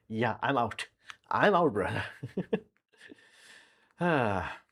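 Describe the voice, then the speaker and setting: A man's voice: mid-range voice, big pitch swings, extremely slow, pauses often, a bit bright. A man hosting a casual live stream, answering viewer questions in a frank, rambling way full of fillers.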